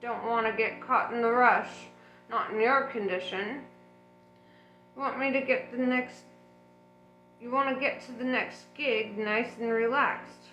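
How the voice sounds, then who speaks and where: A woman voicing a hulking, gruff male bodyguard who mutters and whispers, read in a storybook audiobook. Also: fairly high pitch, fairly even intonation, measured pace, long pauses, reverberant, highs cut off, faint music behind. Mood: gruff muttering. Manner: hushed whispering.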